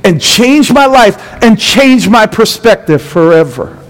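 A man's voice: high-pitched, lively intonation, unhurried, low-quality recording. A middle-aged male pastor preaching a sermon, building intensity with rhetorical questions and emphatic repetition.

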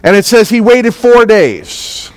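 A man's voice: high-pitched, big pitch swings, takes it slowly, big-room sound. A man with a New York accent preaching a sermon as pastor, telling the story in a conversational way and acting out what the people in it said, growing more intense as he goes. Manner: conversational preaching, dramatized quotes, rising intensity.

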